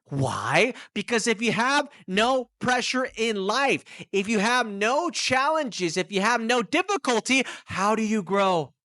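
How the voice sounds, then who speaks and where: Animated man with a lively pitch. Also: a little slow, hardly any pauses, no echo, clean studio sound. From United States. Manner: animated, emphatic, talking straight to the listener. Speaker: podcast host and English teacher. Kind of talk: casual solo podcast monologue. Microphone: studio microphone.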